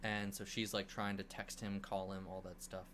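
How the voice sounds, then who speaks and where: A man co-hosting a casual movie review podcast, recapping the plot in an animated way with swearing and acted-out quotes. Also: low voice, normal speed, a little hiss or hum. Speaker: podcast co-host.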